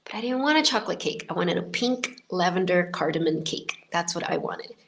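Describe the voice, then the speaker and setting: A woman in her fifties talks through a personal story in a relaxed, meandering way, her voice sitting on the low side for a woman. She keeps circling back with fillers and restarts, in the easy tone of a podcast host speaking to her regular listeners. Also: fairly quick. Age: 50s. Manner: chatty and rambling, many filler likes and restarts.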